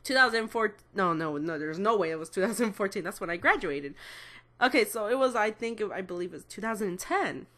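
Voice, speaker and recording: A woman's voice: mid-range voice, lively intonation, fairly quick, a bit bright. A woman in her twenties rambling through a personal story to camera, swearing and correcting herself as she goes. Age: 20s. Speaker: vlogger. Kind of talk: casual storytelling.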